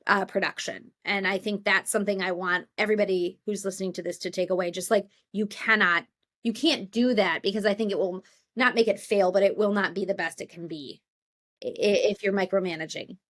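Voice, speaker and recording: A woman's voice: mid-range voice, steady tone, fairly quick, a bit bright. A woman co-hosting a writing podcast, thinking aloud in a loose, rambling way with lots of restarts. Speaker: podcast co-host. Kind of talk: casual podcast chat.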